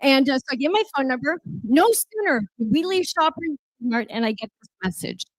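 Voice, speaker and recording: High-voiced woman telling a story. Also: animated, brisk, no echo, poor audio. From Canada. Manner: emphatic, repeats key lines. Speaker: city councillor speaking at a political gala. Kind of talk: animated personal storytelling speech.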